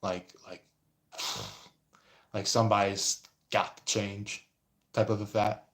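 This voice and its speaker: A man's voice: on the low side, level tone, slow, a bit bright. A man giving a casual astrology reading and responding to viewer comments, talking hesitantly with many fillers. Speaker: astrology and tarot reader.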